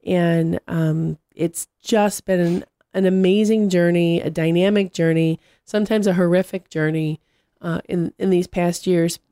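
A woman in casual conversation, telling animated stories and acting out what people said. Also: fairly low pitch, unhurried, dry recording, studio quality. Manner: animated storyteller, acts out quotes.

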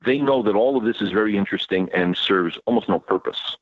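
Low-voiced man with emphatic, sarcastic delivery. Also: quick pace, no room sound. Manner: emphatic, sarcastic rhetorical questions. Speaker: author and guest. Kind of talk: interview talk. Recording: dull lo-fi dry audio.

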